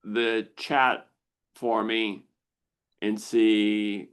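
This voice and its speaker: An older man hosting a live Q&A on a video call, explaining patiently and acting out the brain's inner voice with lively exclamations. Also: lowish voice, drawn-out words, clear, resonant tone. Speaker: misophonia researcher hosting a Q&A.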